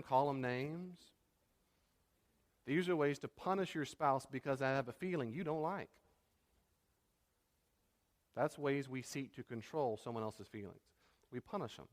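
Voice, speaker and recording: Man, pastor giving a sermon, mid-pitched, emphatic, long reverb. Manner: emphatic, acts out quoted spouses in raised voice. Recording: reverberant hall.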